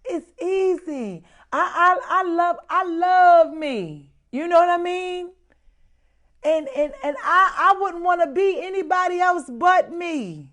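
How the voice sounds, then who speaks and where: A woman chatting as a guest on a casual live show, animated, laughing often and repeating her words for emphasis. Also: very high voice, slow pace. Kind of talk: casual live-stream chat.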